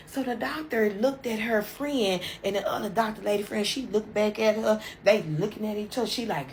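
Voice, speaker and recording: A storytime video host tells a dramatic tale in a chatty, casual way, sprinkling in endearments. Her mid-range voice has a darkish tone and normal speed, with slight background noise behind it.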